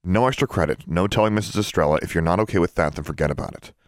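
A blunt, stubborn teenage girl with a curt, sharp edge, spoken in a deep reader's lightly lifted voice, as a man reads her. The sound is close and dry, a plain storybook reading. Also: rapid-fire, no room sound, natural voice. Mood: stern.

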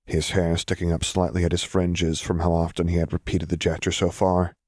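Deep-voiced male storyteller, calm and measured. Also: no echo, clean studio sound. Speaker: audiobook narrator. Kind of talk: scripted fanfiction narration.

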